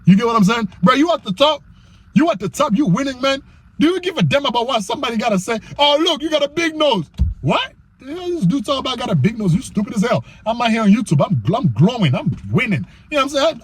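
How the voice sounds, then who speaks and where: Husky, high-pitched man preaching animatedly. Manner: animated and emphatic, often asks "you know what I'm saying?"; reads scripture aloud slowly in old-style wording. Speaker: YouTuber giving faith-based self-control advice. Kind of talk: preachy motivational monologue.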